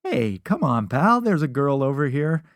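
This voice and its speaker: A man voicing a pushy, cheerful teenage best friend who talks loudly and jokes around. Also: on the high side, big pitch swings, normal speed, creaky, dry recording, studio quality, pitched above the performer's own voice.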